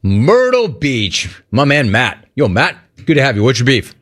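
A middle-aged man hosting a call-in radio show. His delivery is lively and swings all over his range as he rants. He mocks cheerful greetings in a high voice. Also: unhurried. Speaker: sports radio host.

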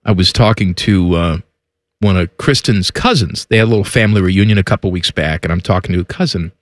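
A man co-hosting a casual talk show, animated, often laughing and exclaiming. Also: sits low, a little fast, no echo. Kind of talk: casual chat.

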